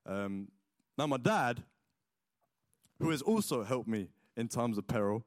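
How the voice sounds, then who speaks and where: A young man gives a sermon in a loose, conversational way, scattering likes and ums as he tells a family story before turning to scripture. His voice sits at an ordinary middle pitch. The sound is close and dry, with no room around it. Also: measured pace, dry recording. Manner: chatty, lots of likes and ums, animated retelling. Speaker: preacher.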